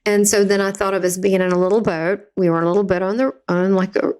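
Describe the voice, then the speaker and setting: A woman with a Southern US accent tells a personal story as a podcast guest. Her delivery is chatty and vivid, and her voice sits in an ordinary middle pitch. She acts out the voices she quotes. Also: steady tone, quick pace, a little mellow.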